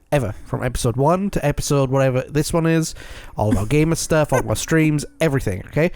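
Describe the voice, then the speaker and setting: A man's voice: fairly high pitch, a little mellow, dry recording. A man hosting a casual podcast chat, rambling and tripping over words as he goes. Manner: rambling, stumbles and repeats words. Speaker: podcast host.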